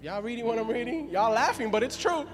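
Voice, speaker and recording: A man's voice: very high voice, lively intonation, fairly quick. A man in his thirties preaching a sermon as a pastor, conversational and laughing often as he speaks to the congregation. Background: music.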